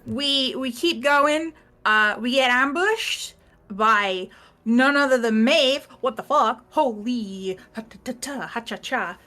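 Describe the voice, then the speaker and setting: A woman's voice: a little high, animated, slow, pushed and bright. A woman casually recapping the last session of a tabletop game, rambling, laughing and swearing as she quotes the characters.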